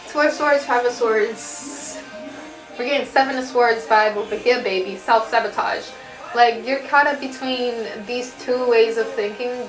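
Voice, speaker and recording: Higher-voiced woman, casual swearing tarot reader, echoey home room. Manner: profane, laughing, chatty. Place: home with family noise in background.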